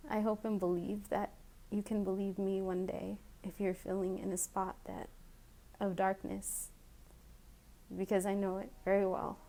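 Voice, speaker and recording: A woman speaks to her viewers in a heartfelt personal video message. Her voice stays flat and even in pitch while she talks in a halting, emotional way, often stopping and starting again. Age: adult with children. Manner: emotional, halting, grateful, with fillers and restarts. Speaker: vlogger.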